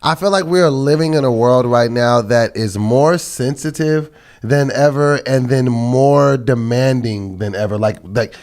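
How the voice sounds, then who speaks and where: A man co-hosting a podcast in casual chat, chiming in often with quick agreement. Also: medium pitch, a little mellow. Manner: quick back-channel agreement, conversational. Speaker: podcast co-host.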